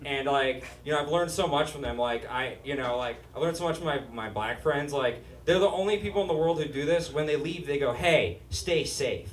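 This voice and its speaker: Nasal high-voiced man doing stand-up. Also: fairly quick, few pauses, a little hiss or hum. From Utah. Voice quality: nasal, whiny. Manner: brash, profane, self-mocking delivery. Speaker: stand-up comedian. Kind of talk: stand-up comedy set. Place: comedy club stage before a live audience. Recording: echoey room, distant mic, audience laughter.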